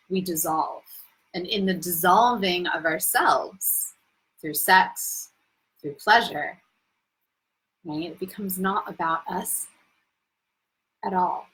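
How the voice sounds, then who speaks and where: A woman's voice: lowish voice, takes it slowly, long pauses, fairly bright tone, breathy edge, rough recording. A young adult woman hosting a live Q&A as a coach, talking in an effusive, spiritual way and laughing easily. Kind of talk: casual live-stream talk.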